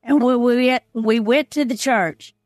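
A woman's voice: a little high, a little slow, a little mellow, dry recording, clean studio sound. An older woman as an interview guest, telling a personal story in an earnest, heartfelt way. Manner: earnest, heartfelt, retells past conversations.

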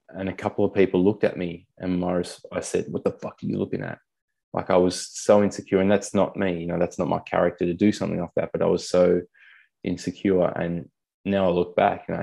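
A man's voice: deep voice, creaky, warm tone, breathy edge. A young man speaking candidly as a podcast guest, blunt, swearing casually and calling people mate. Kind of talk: candid conversational storytelling.

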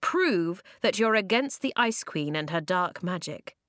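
A calm boy leader speaks in a steady, measured way in a storybook reading, as a woman narrator voices him. The voice sits fairly low, and the dry, close sound leaves no trace of a room. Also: no room sound. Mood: firm. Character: calm boy tribe leader who has visions.

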